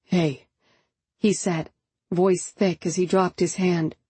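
A woman narrating a first-person audiobook with a subdued, introspective manner. Her voice is dark, mellow and a little husky, and it sits fairly low. It is recorded close on a studio mic with a dry sound. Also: level tone, slow, dry recording.

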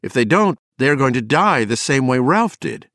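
A man's voice: mid-range voice, big pitch swings, moderate pace, a bit bright, no room sound, studio quality, pitched above the performer's own voice. A male narrator voicing a frightened woman's urgent inner thoughts, pleading and pressing.

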